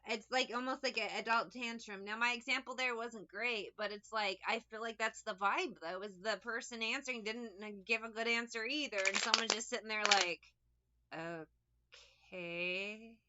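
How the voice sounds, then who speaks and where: A woman's voice: on the high side, steady tone, fairly quick, few pauses, pushed and bright, highs cut off. A woman giving a casual tarot reading, rambling, sarcastic and liberal with swearing. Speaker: tarot reader.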